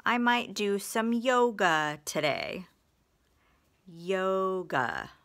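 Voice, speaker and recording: A woman's voice: mid-range voice, animated, slow pace, sharp tone. A woman teaching phonics in a recorded lesson, patient, stretching out example words and sentences.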